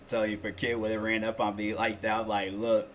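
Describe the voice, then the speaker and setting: A man's voice: lowish voice, completely flat delivery, fairly quick, a bit bright, a little hiss or hum. A young man hosting a reaction video, talking casually in slang with lots of fillers and rambling stories.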